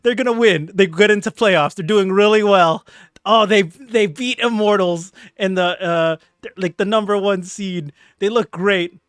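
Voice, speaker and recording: Male podcast host, high pitch, excitable storyteller, dry close mic. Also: a little slow, clear, resonant tone, dry recording. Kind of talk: casual chat.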